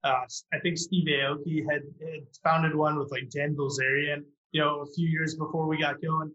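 A man, a startup founder, telling a story on a podcast with lively acted-out quotes. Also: a little high, moderate pace. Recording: roomy, dull lo-fi sound.

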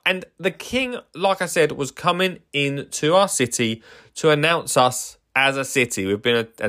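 A man's voice: medium pitch, fairly bright tone. A man hosting a casual solo podcast, rambling enthusiastically with lots of fillers and restarts. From England. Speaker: podcast host.

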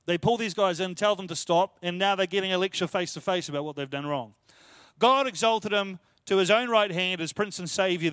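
A man's voice: high-pitched, fairly bright tone, no echo. A man preaching a sermon as pastor, explaining scripture in a conversational, emphatic way with lots of repetition. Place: church.

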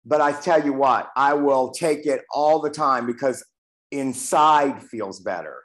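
A man's voice: medium pitch, unhurried, fairly bright tone. Candid older man sharing in a meeting. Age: 60s. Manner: candid, profane, self-deprecating. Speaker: recovery meeting member sharing. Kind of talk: reading aloud and personal sharing.

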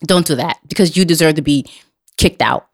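A woman's voice: sits low, fairly quick. A young adult woman hosting a podcast, talking bluntly and emphatically, repeating her points and swearing freely. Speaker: podcast host. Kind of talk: casual chat.

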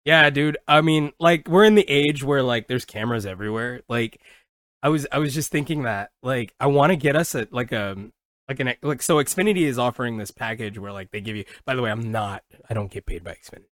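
A man co-hosting a podcast in casual chat, talking with lots of "like" and restarts, and loudly yelling when he does impressions. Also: mid-range voice, brisk, dry recording, clean studio sound. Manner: animated, swings into loud yelling impressions. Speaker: podcast co-host.

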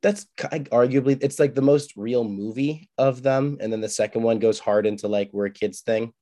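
A man co-hosting a podcast, speaking at a mid pitch in a wry, teasing way. He drops in casual swearing while he jokes around. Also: moderate pace, mellow. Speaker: podcast co-host. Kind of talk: casual chat.

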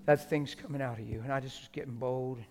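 A man preaching a sermon, dropping to hushed whispers and rising to loud, emotional exclamations. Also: mid-range voice, steady tone, fast. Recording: long hall reverb with faint music.

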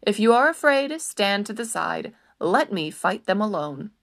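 Woman reading as deluded old knight, grand, lofty speech, lively pitch, storybook reading. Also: unhurried, creaky, exaggerated voice. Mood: scornful.

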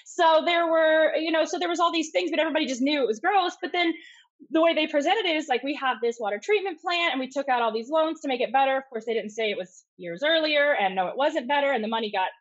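A middle-aged woman with a mixed Southern and Michigan accent, telling stories quickly and animatedly as a guest on a call. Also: high voice, lo-fi sound. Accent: mix of Southern US and Michigan. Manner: fast-talking, lively, acts out voices in anecdotes. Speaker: guest, community activist. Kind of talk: casual storytelling on a call. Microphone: video call.

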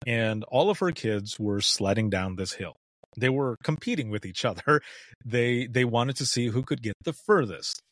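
A man's voice: medium pitch, moderate pace, dry recording, studio quality. A middle-aged man from Southwest Michigan, a former 911 dispatcher, telling stories in a casual chat and acting out the voices of the people in them. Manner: animated, acts out the voices in his stories, laughs often. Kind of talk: storytelling in casual conversation.

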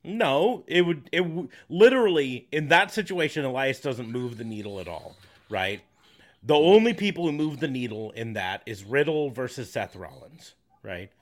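A man's voice: mid-range voice, animated, moderate pace. A man co-hosting a podcast, arguing opinions in casual chat about wrestling storylines. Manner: opinionated, argumentative. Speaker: podcast co-host.

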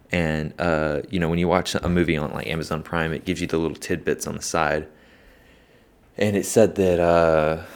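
A man hosting a casual podcast, talking with eager enthusiasm and rambling through lots of fillers and restarts. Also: rumbling low. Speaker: podcast host. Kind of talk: casual podcast chat about movies.

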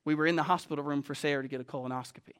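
A male pastor delivering a sermon with a bright, forceful tone and a somewhat high voice. He preaches emphatically, rising to loud declarations and then dropping to a hushed, intimate telling. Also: fairly even intonation, racing, clean tone.

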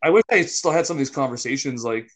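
A man telling a story in casual talk, swearing often and breaking into loud yelled bits. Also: medium pitch, fast talker. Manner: animated, swears a lot, bursts of yelling when quoting. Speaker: podcast co-host telling a story.

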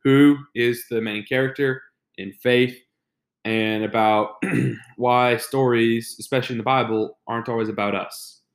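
A man's voice: medium pitch, steady tone, a little slow. A young man co-hosting a faith podcast, talking casually with many restarts and fillers. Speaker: podcast co-host.

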